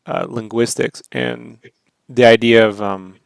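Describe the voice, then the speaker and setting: Gravelly American man chatting. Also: medium pitch, measured pace, dry recording. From United States. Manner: animated, laughs often, swears casually. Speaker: co-host. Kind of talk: casual chat while drawing.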